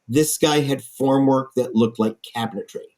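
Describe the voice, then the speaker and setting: A man, an architect guest, telling stories in a lively, animated way in a podcast interview. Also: mid-range voice, normal speed. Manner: lively storyteller, acts out quoted voices.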